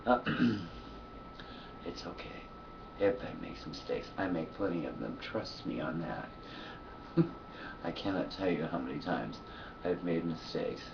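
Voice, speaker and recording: A man's voice: deep voice, gravelly, far from the mic, dull audio, background noise. A man talking to his camera in a loose, profane monologue, sleepy and yawning, laughing often between thoughts. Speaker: vlogger. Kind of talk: casual rambling monologue.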